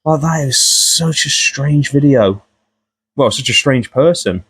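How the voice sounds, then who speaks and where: A man's voice: medium pitch, animated, slow, fairly bright tone, husky. A young man rambling casually through a profane commentary vlog, often laughing at the story.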